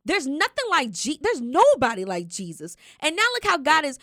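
Animated high-voiced woman host. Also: normal speed, dry recording, clean studio sound. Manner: lively, animated storyteller. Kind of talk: faith talk show storytelling.

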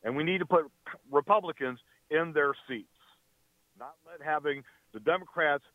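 A man's voice: a little high, moderate pace, no echo. Fervent male caller on a tinny phone line. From Louisiana. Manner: fervent, tongue-tied with fillers. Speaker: radio call-in caller. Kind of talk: call-in comment. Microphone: telephone.

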